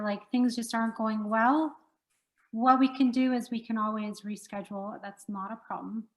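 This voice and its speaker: Laid back lady radio host, kinda high voice, keeps laughing, casual chat. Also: low-quality recording. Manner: easygoing, laughs often. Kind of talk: casual interview.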